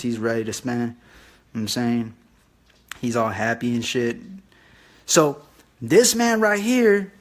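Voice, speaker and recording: A young man casually explaining a real estate deal, loose and profane as he sketches it out. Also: medium pitch. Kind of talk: casual whiteboard tutorial.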